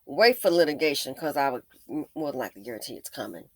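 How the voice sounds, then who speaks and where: A woman hosting an opinion commentary, sarcastic and emphatic, swinging between loud stresses and low muttered asides. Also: expressive, fast, no echo. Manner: sarcastic and emphatic, with repeated jabs. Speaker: commentary channel host.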